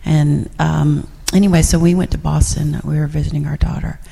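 A woman's voice: deep voice, level tone, normal speed, vocal fry, mellow, big-room sound. A middle-aged woman sharing reflections in a class, rambling with many fillers and restarts. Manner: rambling, full of fillers and restarts, laughs often. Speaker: class participant.

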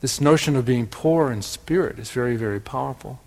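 Gentle and pondering, a man with a Wisconsin accent teaches spiritual ideas at a slow, reflective pace. He repeats words for emphasis as he turns them over. His pitch is ordinary and mid-range, and the audio carries a long hall reverb.

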